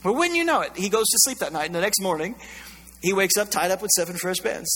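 A man's voice: high voice, lively intonation, fast, sharp tone, slightly rough, big-room sound. A male pastor preaching a sermon in a conversational, joking way, telling the story with animation.

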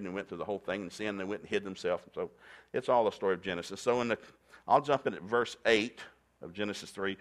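A middle-aged man preaches with a somewhat low voice. He moves easily between jokes and scripture reading. He calls on his listeners to repeat phrases back to him. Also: fast. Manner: animated, playful storytelling with call-and-response. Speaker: pastor. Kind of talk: sermon.

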